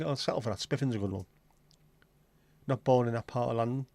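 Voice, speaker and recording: A man, chatting loosely on a livestream in a mid-pitched voice. He rambles from joke to joke, swears freely and keeps the talk light, in a dry, close sound. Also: fairly even intonation, fast talker, a little mellow, dry recording. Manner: rambling, jokey and sweary, slips into silly voices. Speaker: livestream host. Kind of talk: casual livestream chat.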